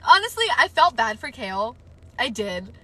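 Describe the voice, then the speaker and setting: Bright-voiced woman reading a novel live. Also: a little high, moderate pace, poor audio. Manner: steady narration, then emotional, gushing asides to chat. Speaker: streamer reading a novel aloud. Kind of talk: live read-aloud with reactions.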